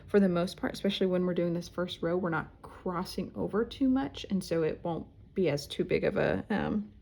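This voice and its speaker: A woman's voice: on the low side, normal speed, creaky, a little mellow. A woman, teaching embroidery at home in a chatty, self-deprecating way. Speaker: embroidery instructor. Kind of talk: casual tutorial talk while stitching. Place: at home, indoors.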